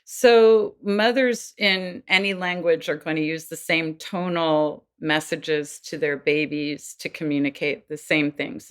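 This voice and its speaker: This woman has a low-sitting voice with a fairly bright, clean tone. She's a guest expert on child development being interviewed on a podcast, explaining things earnestly and now and then acting out quoted voices.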